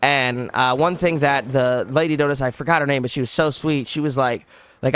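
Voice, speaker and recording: Young man with a bright, crisp voice. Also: mid-range voice, normal speed, dry recording. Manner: animated, rambling with many likes and restarts. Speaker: vlogger. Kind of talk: casual storytelling.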